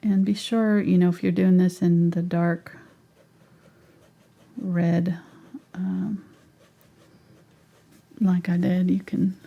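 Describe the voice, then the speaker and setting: A woman's voice: on the low side, level tone, slow pace, creaky, long pauses, muffled recording. A woman teaching a live painting tutorial in a chatty way, thinking aloud and sometimes whispering to herself. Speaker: painting instructor.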